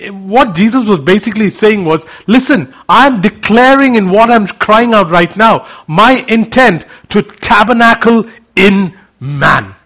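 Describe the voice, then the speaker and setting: A man preaching a sermon, moving from quiet reflection into fervent declaration. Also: sits high.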